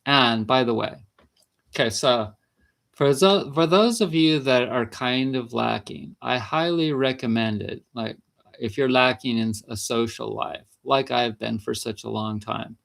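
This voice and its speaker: A man's voice: mid-range voice, vocal fry. A man vlogging about natural health in a casual, rambling monologue, chatty and laughing between sentences.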